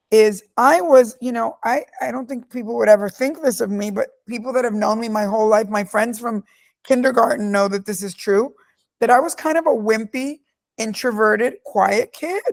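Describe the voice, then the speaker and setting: A middle-aged woman answering interview questions. Her voice sits a little high, and she talks with force and emphasis, telling stories from her own life. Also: gravelly. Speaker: guest speaker.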